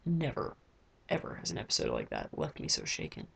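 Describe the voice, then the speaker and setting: Teen girl vlogging from her bedroom, kinda husky gravelly voice, says like a lot, lowish pitch. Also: huge pitch swings, fairly quick. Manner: rambling, lots of "like" fillers. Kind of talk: casual video diary.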